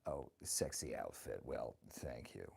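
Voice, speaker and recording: A man putting on a gravelly, bawdy old granny. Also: extremely low pitch, animated, unhurried, a little mellow, heavily acted. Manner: bawdy, teasing, calls viewers honey. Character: crude flirty ancient grandmother, bawdy and vain. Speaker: livestreamer. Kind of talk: in-character stream chat. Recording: noisy background.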